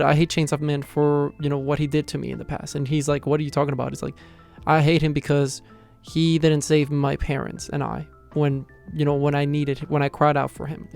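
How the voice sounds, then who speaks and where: A man's voice: on the high side, creaky, darkish tone. A man giving a casual, rambling recap of a manga chapter, filling his sentences with "you know". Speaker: manga reviewer.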